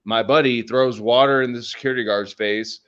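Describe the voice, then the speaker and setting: Male podcast co-host, mid pitch, rambling profane storyteller, lo-fi audio. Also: fairly even intonation, fairly quick, fairly bright tone. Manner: rambling, profane, laid-back storytelling with lots of fillers. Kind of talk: casual storytelling.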